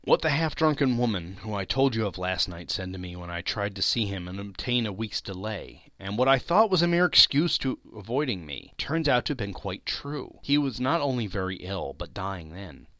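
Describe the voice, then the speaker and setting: A man voicing a poor debtor husband in a storybook reading, speaking in a low, confiding way. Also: expressive, moderate pace, few pauses, fairly bright tone, dry recording. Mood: relieved.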